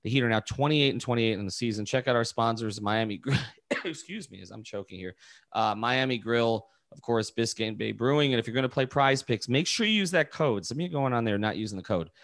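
A man's voice: mid-range voice, fast talker, hardly any pauses, a bit bright, no room sound, clean studio sound. A man co-hosting a sports podcast, giving blunt, frank basketball analysis in casual chat. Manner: blunt, frank verdicts on the team.

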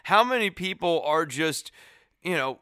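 A man co-hosting a podcast who walks through his reasoning at length. His voice is bright and forceful, and smooth and clear. It sounds dry and close. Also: fairly high pitch, animated, unhurried, dry recording. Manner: analytical, explains at length. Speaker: podcast co-host. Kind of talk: casual chat.

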